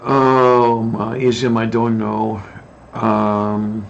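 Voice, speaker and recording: A man co-hosting a casual chat, dry and hesitant, clearing his throat at times. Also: on the low side, monotone, very slow. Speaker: podcast co-host. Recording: dull lo-fi mic with faint noise.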